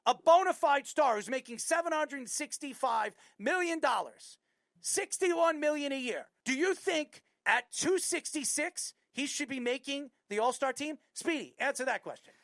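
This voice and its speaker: A woman with a New York accent hosting a sports talk show, ranting bluntly about a player with loud bursts. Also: high voice, expressive, moderate pace, dry recording, clean studio sound. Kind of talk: opinionated sports commentary.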